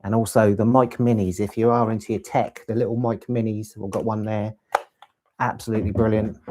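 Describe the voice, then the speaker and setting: A man's voice: fairly low pitch, flat delivery, fairly quick, a little mellow. Chatty man hosting a live stream. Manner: rambling, chatty, reads chat aloud. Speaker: LEGO channel host. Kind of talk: casual live-stream chat.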